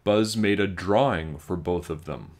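A man reading a children's storybook aloud, with slow, expressive storytelling. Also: sits low. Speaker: children's book reader.

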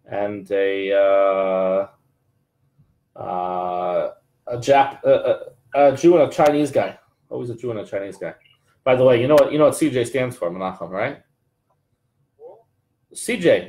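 A man's voice: medium pitch, a little mellow, rough recording. A man teaching a live Torah class, reading Hebrew lines and then translating them, with frequent restarts and fillers. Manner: reads Hebrew text then translates, many restarts and fillers, jokes aside.

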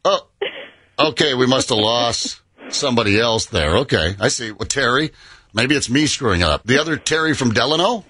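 A man's voice: mid-range voice, expressive, moderate pace, pushed and bright, slightly rough, no echo, studio quality. A man hosting a call-in radio show, joking and teasing his callers with frequent laughs. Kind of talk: casual morning radio banter.

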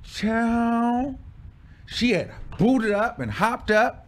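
A man recounts a personal story in a casual story-time vlog. His voice sits high and swings widely as he tells it. His delivery is dramatic and exclamatory. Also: animated, drawn-out words. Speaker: vlogger telling a personal story.

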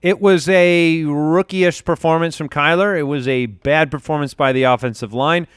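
A man hosting a podcast in an upbeat, joking way. His voice is smooth and clear and sits a little high. He is recorded on a studio mic with a dry, close sound. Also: normal speed, no echo. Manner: upbeat, joking, runs the show. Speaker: podcast host. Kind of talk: casual chat.

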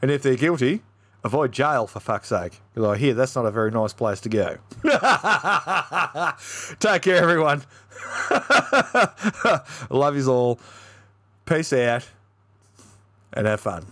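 Sweary, ranting Australian man, lively pitch. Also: takes it slowly, long pauses. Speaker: beer reviewer. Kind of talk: casual beer review vlog.

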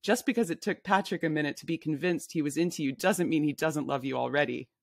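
A woman's voice: low-pitched, quick pace, gravelly, no room sound, studio quality. A woman reading her memoir aloud, voicing a brash, blunt woman friend who bosses people around at a bar. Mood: chatty. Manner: pushy, blunt, bossy.

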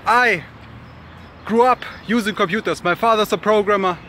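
A man talking casually to camera, halting and repeating his phrases. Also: high voice, bright, forceful tone, a little hiss or hum. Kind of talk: casual vlog talk.

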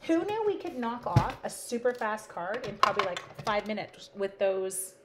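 A woman's voice: medium pitch, normal speed, heavy background noise. A woman from Canada hosting a live card-making stream, chatting playfully with viewers and talking to her supplies. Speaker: live-stream crafting host.

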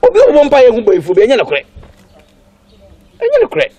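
A man's voice: very high voice, wildly swooping pitch, racing, mellow, exaggerated voice. An actor playing a stern man who lectures his family in a film drama. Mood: lecturing.

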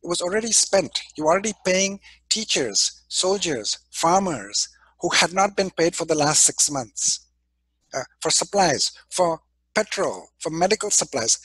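A male business school professor from India giving a classroom lecture, emphatic and animated, acting out quoted people, clearing his throat from allergies. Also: high-pitched, measured pace, no room sound, low-quality recording.

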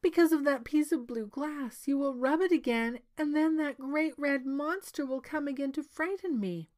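A woman reading a story aloud voices a frightened, tearful young princess who pleads in a raised voice. She pitches her natural voice high, above her own, at a normal speed and with a slightly mellow quality. The mood is fearful.

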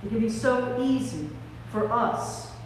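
A woman preacher giving an Easter sermon, telling the story with animated, theatrical storytelling. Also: on the high side, measured pace, slight background noise. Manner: animated storytelling, acting out scenes. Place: large church sanctuary. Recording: echoey hall from a distant mic.

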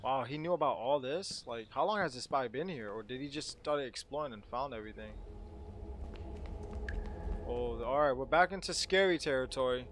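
A man playing a horror game and commenting to himself in a jumpy, excitable way, with game music behind him. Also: medium pitch, normal speed, slight background noise. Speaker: gaming channel host. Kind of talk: let's play commentary.

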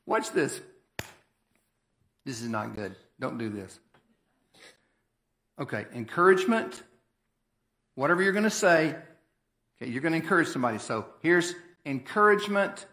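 A man's voice: a little high, lively intonation, moderate pace, pauses often, a bit bright. A man preaching a sermon as pastor, in a folksy, conversational and emphatic way. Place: church sanctuary. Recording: echoey church hall.

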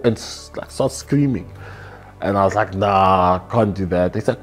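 A young South African man, a rugby player, telling candid stories in an interview in a relaxed, rambling way, acting out the dialogue. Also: on the low side, normal speed, faint music behind.

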